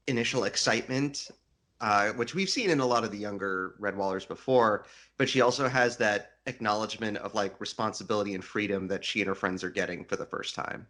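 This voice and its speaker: A man's voice: fairly low pitch, a little fast, pushed and bright. A man co-hosting a casual book podcast, rambling a little and often correcting himself as he talks. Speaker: podcast co-host. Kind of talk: casual book-club chat.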